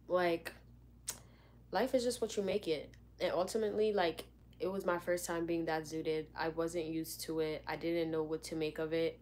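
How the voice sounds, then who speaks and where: A young woman telling a story in a casual, animated way, acting out what people said. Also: low voice, a little hiss or hum. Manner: animated, dramatic retelling with lots of "like". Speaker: vlogger.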